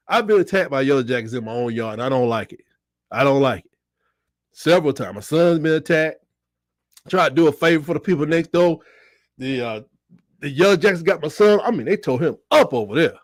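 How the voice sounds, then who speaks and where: A middle-aged man hosting a casual sports livestream. He jokes and reads out chat comments, and his voice breaks into high squeals. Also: lively intonation, a little fast, dry recording, studio quality.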